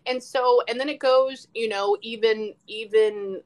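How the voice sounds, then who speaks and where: A woman who works as a psychic medium, telling stories in casual live-stream chat, animated, swearing freely and acting out quotes. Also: a little high, measured pace, poor audio.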